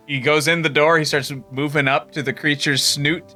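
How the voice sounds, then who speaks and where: A man running a tabletop game as game master, telling the scene with lively storytelling and frequent laughter. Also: fairly high pitch, normal speed, faint music behind.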